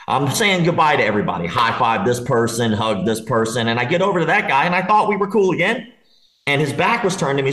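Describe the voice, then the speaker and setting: A man casually telling a long, profane party story, laughing as he goes. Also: medium pitch. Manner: animated, swearing, laughing while telling a story. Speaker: podcast guest. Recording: roomy echo.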